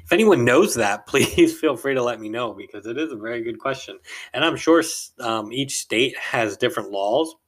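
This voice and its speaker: A man's voice: medium pitch, expressive, normal speed, fairly bright tone. Podcast host, man, mid-range voice, rambling casual storyteller who chuckles as he goes. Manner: rambling, chuckles mid-sentence, acts out quoted people.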